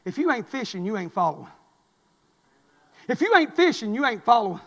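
A man preaches an impassioned sermon, circling back to his phrases again and again. His voice sits unusually high for a man. It carries through a church sanctuary with a long echo. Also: big pitch swings, fairly quick, gravelly. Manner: impassioned, repetitive preaching cadence. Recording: long hall reverb.

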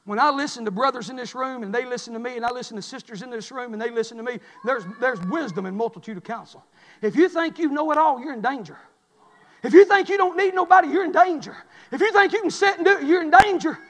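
A man preaching a sermon as pastor, in a rhythmic style that swells to shouts and drops low. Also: quick pace.

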